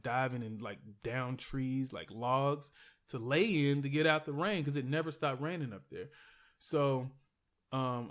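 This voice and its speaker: A man telling a long story as a podcast guest, in a mid-pitched voice. He rambles loosely, filling the gaps with "like" and "you know". His retelling is animated and casual, with the odd curse thrown in.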